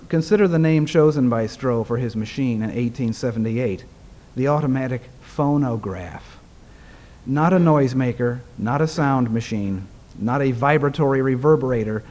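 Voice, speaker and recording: A man presenting a prepared paper, reading it aloud in a measured, formal way. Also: medium pitch, darkish tone.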